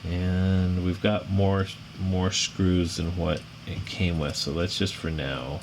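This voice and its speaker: Rambling middle-aged American builder, lowish voice. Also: male voice, flat delivery, takes it slowly. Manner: rambling, self-deprecating, apologetic, growls when frustrated. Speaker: drone builder reviewing a frame. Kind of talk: casual build tutorial chat. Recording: audible background noise.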